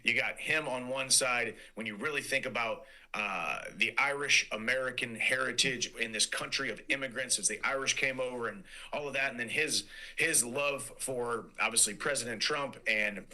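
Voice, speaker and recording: A man's voice: medium pitch, moderate pace, bright, forceful tone, poor audio. Earnest man in a played interview clip. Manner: earnest, repetitive, with fillers. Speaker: interviewed athlete. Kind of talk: interview answer played back.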